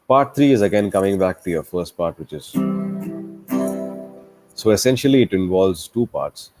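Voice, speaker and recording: A man with a very low voice teaches a one-to-one guitar lesson. He explains patiently, breaking the pattern into parts and counting the beats aloud. Clear guitar playing runs under his speech. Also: lively intonation, normal speed, a little mellow. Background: acoustic guitar playing.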